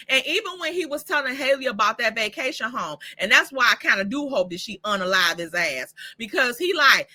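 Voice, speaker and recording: Animated, bright-voiced woman recapping shows. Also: fairly high pitch, normal speed. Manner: profane, animated, talks back to the characters. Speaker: host of a TV recap channel. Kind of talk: casual reaction review.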